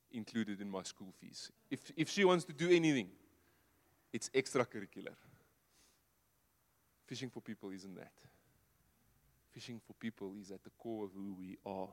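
A man preaching a sermon in a conversational way, asking the congregation rhetorical questions and dropping to a soft low voice to make a point. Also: animated, unhurried, pauses often. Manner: drops to a soft low voice for emphasis. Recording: long hall reverb.

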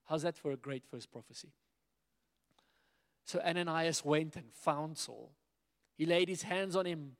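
A man preaching a sermon in a lively way, acting out the dialogue of biblical figures as he retells the stories. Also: fairly high pitch, measured pace, pauses often. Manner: animated, acts out biblical dialogue in quoted voices. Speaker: pastor. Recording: long hall reverb.

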